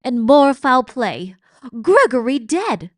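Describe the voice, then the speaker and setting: Storybook read-aloud: woman reading as a fierce castle cook, loud and tearful, slow delivery. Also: medium pitch, no echo, studio quality, lightly acted. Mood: distraught. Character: ferocious, mouse-hating castle cook, grieving and loud.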